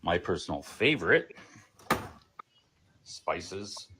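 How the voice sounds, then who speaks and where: A man's voice: deep voice, big pitch swings, slow, bright, forceful tone, a little hiss or hum. A man speaking casually and matter-of-factly as he shows his home kitchen. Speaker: homeowner showing a kitchen. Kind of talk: casual show-and-tell.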